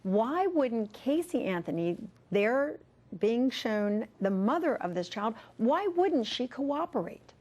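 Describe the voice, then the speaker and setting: A woman's voice: on the high side, big pitch swings, slow, darkish tone. A woman hosting a talk show, asking guests probing questions.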